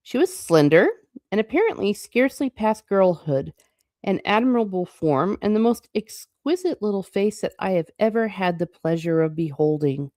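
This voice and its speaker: A woman's voice: mid-range voice, animated, warm tone, dry recording, clean studio sound. A woman reading a classic novel aloud, stopping often for chatty, playful asides. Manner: chatty asides between passages, quick and playful. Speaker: book reading channel host.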